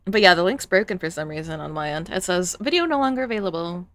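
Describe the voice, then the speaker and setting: A woman's voice: on the low side, lively intonation, quick pace, a bit bright. Rambling, giggly woman streamer. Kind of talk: live reaction chat.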